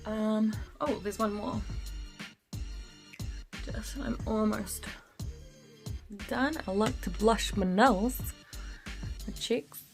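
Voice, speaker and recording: A woman's voice: medium pitch, fairly even intonation, very slow, long pauses, music in the background. A woman telling a spooky story in casual chat while doing her makeup, laughing often and using lots of fillers. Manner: chatty, laughs often, full of fillers and slang. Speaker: beauty vlogger.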